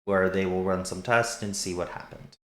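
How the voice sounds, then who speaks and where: Low-voiced male game master, roomy sound. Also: moderate pace. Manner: relaxed, with filler ums. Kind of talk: narrating a tabletop game. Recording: roomy echo.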